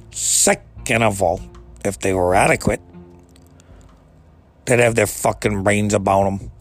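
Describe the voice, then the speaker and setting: A man delivering a profane, exasperated comedic rant, swearing freely and climbing into outbursts. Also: lowish voice. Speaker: ranting commentator.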